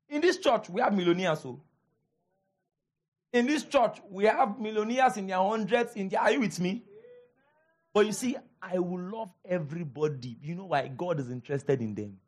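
A man with a Nigerian accent preaching a sermon as pastor, animated, repeating his lines for emphasis and calling out to the congregation. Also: high-pitched, normal speed.

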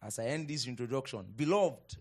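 High-voiced preacher man shouting scripture. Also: lively intonation, normal speed. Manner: swings from hushed teaching to shouted exhortation; dramatic archaic scripture quoting. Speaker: pastor. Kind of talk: sermon.

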